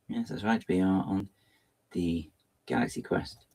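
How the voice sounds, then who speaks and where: In a measured voice with vocal fry and frequent pauses, a man builds on a livestream and makes casual, self-mocking chat. He stays lively and playful, breaking into theatrical high-pitched swings.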